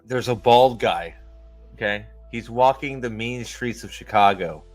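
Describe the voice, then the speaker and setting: A man's voice: medium pitch, a little slow, faint music behind. A man hosting a casual livestream, who jokes, rambles and swears as he chats. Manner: joking, rambling and profane. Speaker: streamer host.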